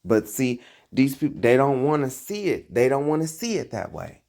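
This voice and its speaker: A man's voice: medium pitch, sing-song, moderate pace, darkish tone. A man giving preachy, casual commentary as an online religious commentator, emphatic and full of rhetorical questions.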